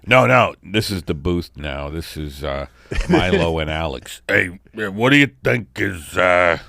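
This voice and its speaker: Gravelly sardonic older man hosting. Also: measured pace, dry recording, studio quality. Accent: New York. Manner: gravelly, lively, sardonic riffing with sudden high put-on voices. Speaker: podcast host. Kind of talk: comedic casual chat.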